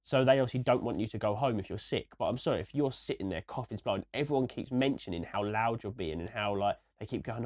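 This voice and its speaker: A young man co-hosting a casual podcast, ranting and rambling with many restarts, a little hoarse from a recent cold. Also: medium pitch, fast talker, hardly any pauses, darkish tone. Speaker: podcast co-host.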